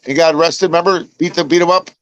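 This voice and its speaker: A man's voice: a little high, steady tone, fast talker, no room sound, highs cut off. An older man from Chicago, a podcast host telling stories in a rambling way, with many restarts and repeats. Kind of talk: casual chat.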